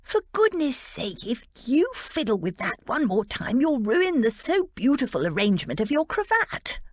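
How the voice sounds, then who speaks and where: A woman reading a teasing young gentleman, the best man, with a flippant, bantering manner in an audiobook. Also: a little high, big pitch swings, normal speed, no room sound, pitched above the performer's own voice.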